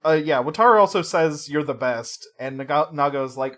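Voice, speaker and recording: A man co-hosting a podcast in casual chat, animated, laughing often and swearing freely. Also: fairly high pitch, moderate pace.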